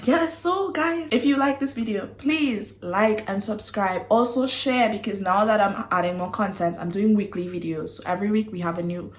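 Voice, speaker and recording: A woman's voice: medium pitch, moderate pace, few pauses. Giggly woman vlogging. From Trinidad. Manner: giggly, animated and apologetic. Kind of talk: casual vlog chat. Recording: echoey room.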